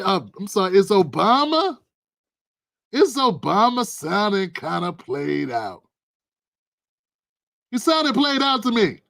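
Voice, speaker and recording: A man's voice: sits high, sing-song, slow, gravelly, long pauses, fairly bright tone. Joking male livestream commentator. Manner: playful, riffing and joking with viewers. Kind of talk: casual political commentary livestream.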